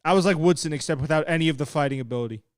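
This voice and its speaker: Young guy hosting a fight watch-along, slightly high voice, smooth and dry close sound, loose and excitable. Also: rapid-fire, dry recording. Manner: excitable and laid-back, swearing, laughing at chat. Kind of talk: casual live commentary while reading chat.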